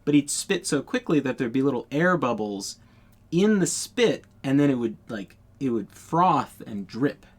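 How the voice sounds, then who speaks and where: A man's voice: medium pitch, sing-song, unhurried. A young man telling a casual storytime anecdote in a blunt, profane, incredulous way.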